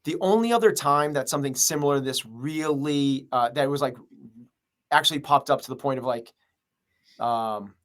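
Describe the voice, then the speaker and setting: A man's voice: medium pitch, moderate pace, fairly bright tone. A man who runs a gym, speaking as a podcast interview guest in an earnest, rambling way full of fillers. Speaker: gym owner and coach.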